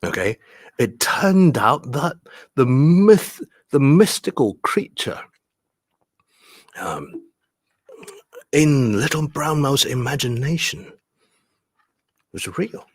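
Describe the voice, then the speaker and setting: Animated Hong Kong storyteller man. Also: medium pitch, takes it slowly, long pauses, breathy edge, no room sound, clean studio sound. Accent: Hong Kong English. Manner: animated, code-switching, stressing words for children. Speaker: children's storyteller and English teacher. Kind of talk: bedtime story reading and English tips for kids.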